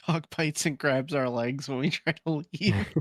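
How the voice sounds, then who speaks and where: A man's voice: on the high side, unhurried, a bit bright, dry recording, clean studio sound. A man hosting a casual gaming podcast, reading forum posts aloud with laughing asides. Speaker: podcast host.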